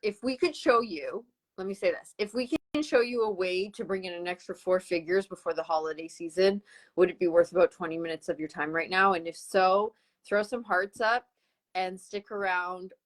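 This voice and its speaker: Upbeat West Coast Canadian woman, lowish voice, pitching on a live video stream. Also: moderate pace, rough recording. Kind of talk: live-streamed sales presentation. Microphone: computer mic on a live video call.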